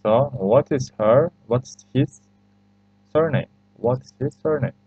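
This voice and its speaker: A man's voice: medium pitch, takes it slowly, warm tone, breathy edge, no room sound. A man with a Turkish accent, a native Turkish speaker, teaching a language lesson over a screen recording. He talks with patient hesitations and repeats phrases for learners. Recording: slightly muffled lo-fi recording.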